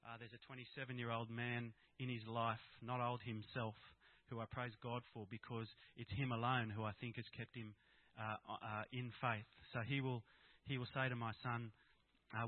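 At a Christian fathers' gathering, a middle-aged Australian speaker gives a straightforward, candid personal talk at normal speed in a mid-range voice. No room sound is audible, and the audio has a tinny, dry, phone-like character.

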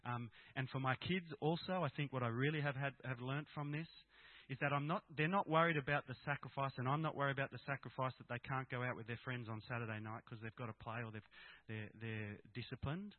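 A man's voice: mid-range voice, steady tone, fast, no echo. A middle-aged Australian man giving a candid, plain-spoken personal talk to an audience of Christian fathers. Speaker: speaker at a Christian fathers' gathering. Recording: tinny, dry phone-like sound.

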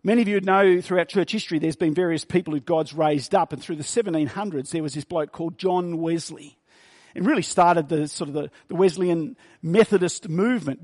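A man preaching a sermon. He reads scripture slowly and stresses key words by repeating them. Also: high-pitched. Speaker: pastor.

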